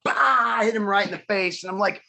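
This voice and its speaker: A man's voice: high-pitched, a little fast, creaky, sharp tone, raised voice. A man chatting casually on a video call, telling rambling stories, laughing often and acting out the voices. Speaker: musician guest.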